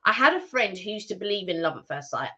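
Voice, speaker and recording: Bright-voiced chatty woman. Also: medium pitch, fast talker. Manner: chatty, animated, rambling with restarts. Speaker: co-host of a live stream. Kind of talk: casual live-stream chat. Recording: dull lo-fi stream audio.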